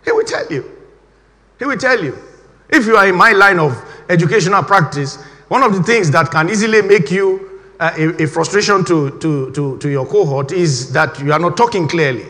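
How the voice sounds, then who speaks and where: Middle-aged man, high voice, animated repetitive sermon delivery. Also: normal speed. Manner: animated, emphatic, repeats key phrases. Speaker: preacher. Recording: reverberant hall.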